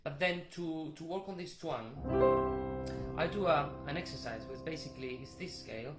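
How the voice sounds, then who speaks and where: A man teaching a vocal warm-up, explaining technique with restarts and short sung demonstrations. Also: a little high, moderate pace, roomy sound, over loud music. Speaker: vocal coach.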